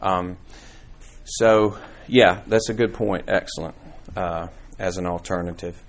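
A man's voice: sits low, fairly even intonation, unhurried. A man teaching an informal church Bible class in a conversational, rambling way, with many restarts and fillers.

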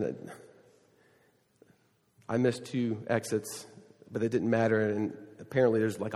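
A pastor giving a sermon, telling a rambling personal story full of restarts and self-deprecating asides. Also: male voice, mid-range voice, warm tone. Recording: long hall reverb.

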